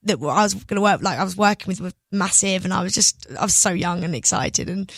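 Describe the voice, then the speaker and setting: A young woman, a singer, telling stories in an excitable, giggly way as a radio guest. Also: fairly low pitch, quick pace, no echo. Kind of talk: casual interview chat. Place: radio studio.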